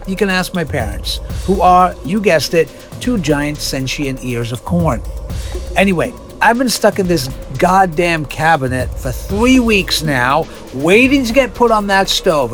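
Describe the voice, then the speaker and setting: A man narrating a comic story in a sarcastic, crude style with animated asides. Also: high voice.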